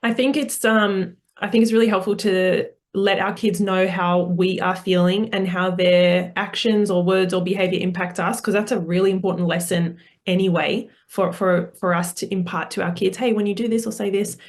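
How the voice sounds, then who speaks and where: A woman's voice: on the low side, flat delivery, normal speed, few pauses. A woman speaking as a parenting coach guest in a podcast interview, earnest and explanatory, with frequent fillers and restarts.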